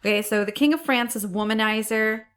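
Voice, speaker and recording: A woman's voice: a little high, fast talker, fairly bright tone. A woman co-hosting a podcast, telling a history story in a casual, chatty way with laughs and the odd swear word. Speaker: podcast co-host.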